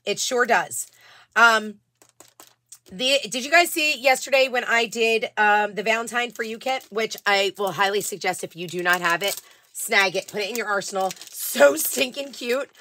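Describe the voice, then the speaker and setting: A middle-aged woman hosts a live craft stream in an easy, rambling chat, greeting viewers by name and circling back on her own sentences. Her voice sits a little high and rings bright, and the sound is close and dry with almost no room around it. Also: dry recording. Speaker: live-selling craft host.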